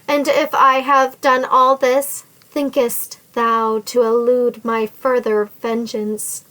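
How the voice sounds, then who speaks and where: A cold, sneering nobleman bent on revenge, read by a woman with a fairly high voice. He threatens and taunts in stately old-fashioned phrasing, delivered slowly and deliberately. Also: little pitch movement, sharp tone, low-quality recording. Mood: menacing. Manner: sneering, menacing, archaic formal speech. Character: scheming, vengeful nobleman threatening a captive woman.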